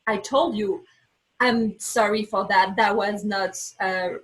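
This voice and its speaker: A podcast guest speaks slowly at medium pitch, captured on a low-quality recording. She's animated while recounting a candid story about herself, acting out her own lines in English that she speaks as a second language, with small mistakes.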